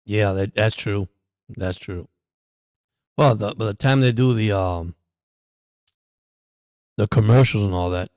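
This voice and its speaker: A man's voice: fairly low pitch, a little slow, pauses often, no room sound, studio quality. Chatty man calling a game live. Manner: chatty, excitable during plays. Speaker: livestream host. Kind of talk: casual live game commentary.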